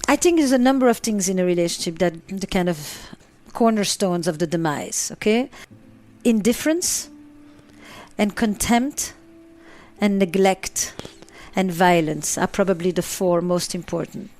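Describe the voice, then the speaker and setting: A woman's voice: lowish voice, a little slow, darkish tone, faint music behind. Emphatic woman psychotherapist. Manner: emphatic, repeats phrases for effect. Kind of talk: interview answers.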